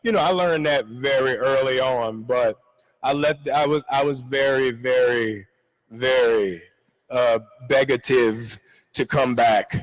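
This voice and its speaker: A middle-aged man telling lively, laughing stories as a guest on a convention panel in a large arena. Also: medium pitch, a little slow, poor audio. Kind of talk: animated convention panel storytelling.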